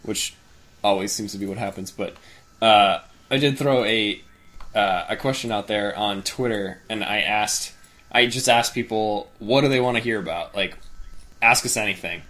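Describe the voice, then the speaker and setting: A man's voice: fairly low pitch, moderate pace, bright, forceful tone. A man hosting a casual gaming podcast, rambling with fillers and restarts, cursing and laughing easily. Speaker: podcast host.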